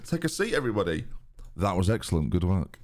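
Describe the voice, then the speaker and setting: Low-voiced and fast, this British streamer swings his pitch widely while playing a football management game. He keeps up sarcastic, chatty commentary and reads out what his viewers type.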